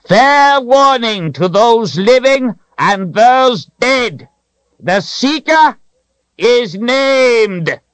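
A man voicing an old, bony male wizard who is proud and cryptic, talking in high proclamations and secretive asides. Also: sing-song, a little slow, no echo. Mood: proclaiming.

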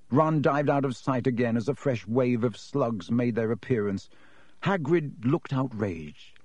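A man narrating a children's novel as an audiobook reader, telling the story in a lively way. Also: medium pitch, measured pace, dry recording. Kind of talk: scripted narration.

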